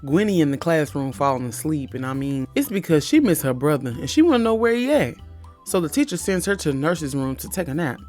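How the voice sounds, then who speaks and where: A woman's voice: low-pitched, big pitch swings, brisk, darkish tone, soft background music. A woman giving a comedic movie recap, blunt and profane with wry asides.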